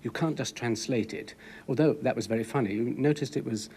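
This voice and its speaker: A man in his forties sitting in as a guest on a TV chat show. He talks in a dry, wry way at a mid pitch. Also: fairly quick, a little mellow, a little hiss or hum. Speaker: TV guest, voice actor.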